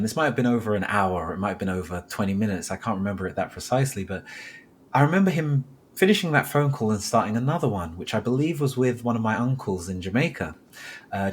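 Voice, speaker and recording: A man from South London, a podcast guest, slowly recalls a memory from his childhood and corrects himself as he pieces it together. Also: lowish voice, breathy edge. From South London, England. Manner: reflective, recalls details slowly with self-corrections. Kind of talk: personal storytelling in conversation.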